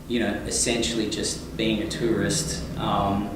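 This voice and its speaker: A man with an Australian accent talks in a loose, rambling way, full of fillers and restarts. His voice sits a little low and sounds distant from the mic. A heavy echo and faint ambient noise surround him. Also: flat delivery, measured pace. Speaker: touring singer-songwriter, guest. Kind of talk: casual interview. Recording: echoey room, mic at a distance.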